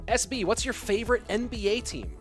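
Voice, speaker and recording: Male esports caster, higher voice, chatty stream host, light music under. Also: lively intonation, fairly quick. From California. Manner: chatty, reads chat questions aloud. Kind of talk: live esports commentary.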